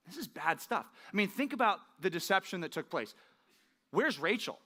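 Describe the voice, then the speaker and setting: A man preaching a sermon with a bright, forceful voice that sits a little high. He keeps it chatty and animated, firing quick questions at his listeners. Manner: conversational, animated, often asks the audience "right?" and "okay?". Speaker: pastor.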